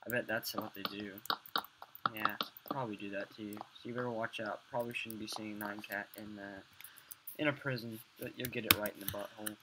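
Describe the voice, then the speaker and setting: Young guy cursing and mumbling while he plays, loud hiss and mouse clicks behind. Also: on the low side, fairly even intonation, brisk. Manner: swears a lot, mutters and hums to himself. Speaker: gamer. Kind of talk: rambling gameplay commentary.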